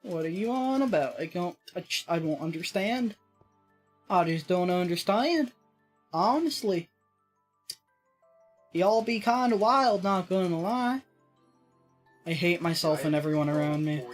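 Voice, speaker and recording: A woman's voice: fairly low pitch, lively intonation, measured pace, pauses often, soft background music. A woman from Texas hosting a let's play, chatting casually and joking at herself as she builds. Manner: rambling, self-mocking and jokey, with some swearing. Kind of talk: casual gaming commentary.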